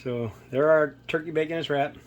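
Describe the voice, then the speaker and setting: Male home-cook host, rambling and self-mocking, a bit high-voiced, recorded in a kitchen. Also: steady tone, a little fast, highs cut off, background noise. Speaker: cooking video host. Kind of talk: casual cooking demonstration.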